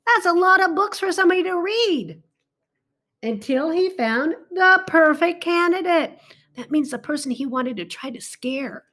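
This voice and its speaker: A woman reads a picture book aloud to a child, her voice high and her pace slow and unhurried. She breaks off the story often to exclaim and ask the child about the pictures, keeping it animated. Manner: animated, talks to a child between pages. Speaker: reader to a child.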